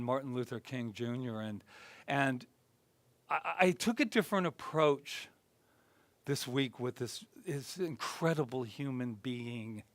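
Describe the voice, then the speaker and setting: A male minister giving a conversational sermon, animated and self-deprecating, then dropping to a soft, reflective tone. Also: medium pitch, no echo. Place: spiritual center gathering.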